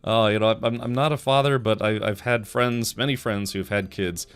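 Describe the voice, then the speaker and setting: A man hosts a laid-back livestream, rambling, joking and reading viewer messages aloud as he goes. His voice sits a little low. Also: fairly even intonation, normal speed, fairly bright tone, smooth. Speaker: livestream host. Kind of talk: casual livestream chat.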